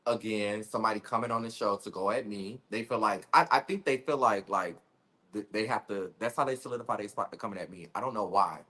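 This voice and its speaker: A man's voice: fairly low pitch, fast talker, pushed and bright. A man talking as a guest in a casual interview, blunt and candid, laughing often and using slang. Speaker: reality show cast member, guest.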